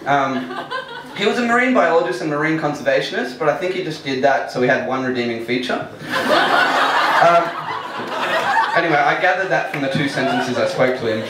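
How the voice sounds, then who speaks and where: The recording is very noisy: a man with a high-ish voice and huge pitch swings tells a funny personal story at normal speed, pausing often. Casual and self-mocking, he laughs through his lines to an audience at a live storytelling venue, the mic far off in an echoey hall.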